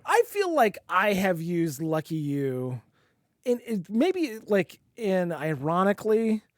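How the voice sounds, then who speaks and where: A man's voice: sits high, sing-song, takes it slowly, no room sound, clean studio sound. A man co-hosting a podcast in casual chat, rambling, restarting phrases and swearing casually. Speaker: podcast co-host.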